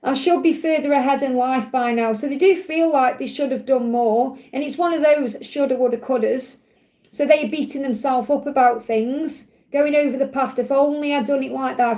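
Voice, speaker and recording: A woman with a croaky voice giving a live tarot reading in a soothing, reassuring way. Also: high voice, mellow. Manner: soothing, reassuring, repeats key phrases. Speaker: tarot reader.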